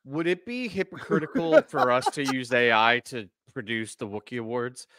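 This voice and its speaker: Bright, animated podcast host man. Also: mid-range voice, normal speed. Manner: animated, laughing, heavy on fillers. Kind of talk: casual chat.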